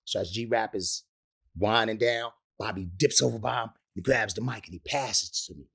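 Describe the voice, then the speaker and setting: A man's voice: fairly low pitch, normal speed, creaky, a bit bright, slightly rough. A man, a rapper telling stories in an interview, profane and laughing often. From the Bronx, New York. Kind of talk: animated storytelling in an interview.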